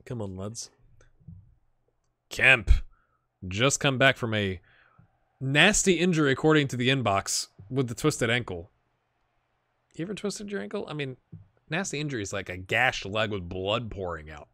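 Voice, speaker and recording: A man's voice: medium pitch, moderate pace, pauses often, dry recording. A man giving casual commentary on a football management game, talking to his players on screen and chatting with viewers. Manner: excitable, talks to the players on screen. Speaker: gaming YouTuber. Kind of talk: casual Let's Play commentary.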